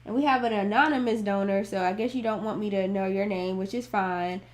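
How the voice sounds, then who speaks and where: A woman's voice: mid-range voice, steady tone, fairly quick. A woman hosting a music reaction livestream, chatting casually, laughing often and thinking aloud as she reads viewer messages.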